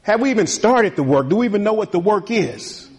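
A man's voice: sits high, animated, brisk, a little mellow. A man, a pastor, preaching a sermon in a conversational way, laughing often and building to emphatic bursts.

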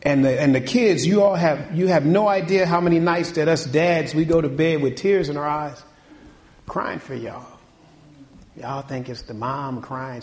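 Male preacher, slightly high voice, folksy call-and-response delivery that rises and drops sharply. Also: normal speed. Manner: swings from loud, high preaching to quiet, low talk. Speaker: pastor. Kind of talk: sermon.

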